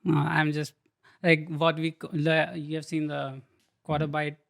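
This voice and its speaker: A man's voice: on the high side, completely flat delivery, measured pace, vocal fry. A man guesting on a podcast, giving short, hesitant answers in casual chat.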